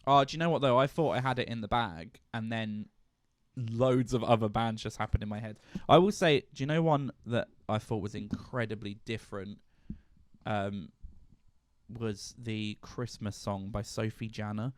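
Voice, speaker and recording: A man's voice: on the low side, moderate pace, dry recording, studio quality. A man co-hosting a music podcast, chatting casually in a playful, teasing way and laughing often. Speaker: podcast co-host. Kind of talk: casual chat.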